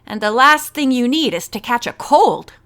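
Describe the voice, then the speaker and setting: A woman's voice: a little high, animated, normal speed, a bit bright. A woman reading an audiobook, voicing a kind and sensible young woman who comforts others. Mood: caring. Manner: sympathetic, soothing. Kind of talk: audiobook character voice.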